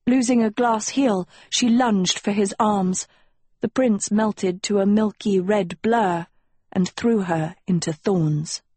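A woman narrating an audiobook in a measured storytelling manner. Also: medium pitch, darkish tone, husky, dry recording. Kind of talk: scripted narration.

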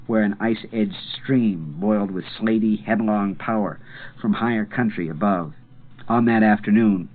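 Low-voiced male audiobook narrator. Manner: measured, dramatic reading with slow pauses. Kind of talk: scripted narration. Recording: tinny phone-like sound.

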